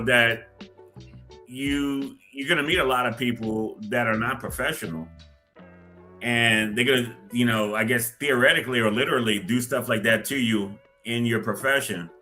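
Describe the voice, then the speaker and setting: A middle-aged man, a guest on a podcast, chatting casually and haltingly with frequent fillers. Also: medium pitch, sharp tone, faint music behind. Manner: halting, lots of "you know" fillers. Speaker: guest, former cadet. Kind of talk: casual interview chat.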